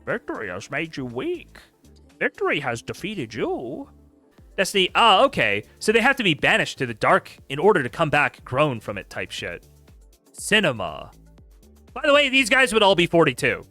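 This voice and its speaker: A male streamer picks apart chat logs with sarcastic disbelief and plenty of laughter. His voice is bright and lively, and it swings widely in pitch. The room sounds dry and close. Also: brisk, dry recording, soft background music. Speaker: streamer host. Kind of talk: casual commentary reading chat logs aloud.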